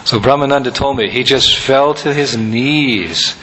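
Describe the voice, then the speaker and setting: Brief: male spiritual teacher, relaxed anecdotal sermon, soft chuckles, faint noise behind. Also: mid-range voice, unhurried, low-quality recording. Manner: conversational, anecdotal, with soft laughs.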